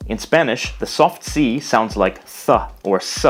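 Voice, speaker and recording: A man narrating a scripted language lesson, explaining carefully and slowing down to pronounce example words. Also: on the low side, expressive, soft background music. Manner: measured, explanatory, slows to pronounce foreign words. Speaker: language teacher.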